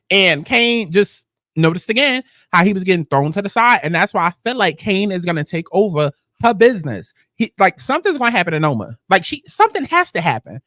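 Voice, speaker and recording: In a dry, studio-quality recording, a woman recaps a TV episode casually, speaking bluntly and swearing a lot. She's animated, and her pitch leaps suddenly.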